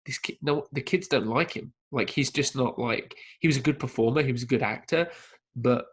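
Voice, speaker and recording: A man co-hosting a casual film podcast, telling an anecdote in a lively way and acting out the quotes. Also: mid-range voice, fairly quick, slightly rough. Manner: lively storyteller who acts out quotes. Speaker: podcast co-host. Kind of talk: casual podcast chat about films.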